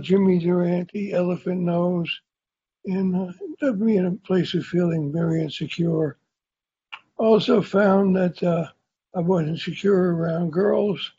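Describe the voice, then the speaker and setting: At a recovery meeting, an older man nursing a sore tongue talks carefully through his own story, rambling candidly and poking fun at himself. His voice is high and mellow, and the recording is muffled with a little hiss or hum.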